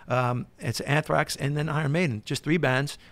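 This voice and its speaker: A middle-aged man with a New York accent, telling an animated story as a podcast guest. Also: on the high side, moderate pace, no room sound. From United States. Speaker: guest musician. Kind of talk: storytelling in casual chat.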